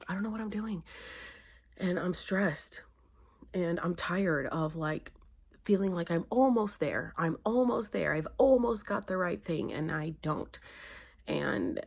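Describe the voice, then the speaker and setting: A tired, weepy young woman talks to her phone camera at arm's length. Her voice sits fairly low, and she rambles, rushing when a story takes over. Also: lively intonation, vocal fry, a little mellow, breathy edge. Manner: emotional, rambling, fast when telling a story. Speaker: vlogger. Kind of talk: casual vlog.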